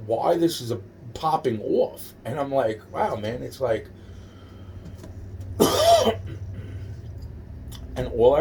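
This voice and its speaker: A man's voice: mid-range voice, creaky, mellow, far from the mic, slight background noise. Rambling, profane man in his forties. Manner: rambling, profane, repeats himself. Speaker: storyteller. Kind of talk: casual personal storytelling.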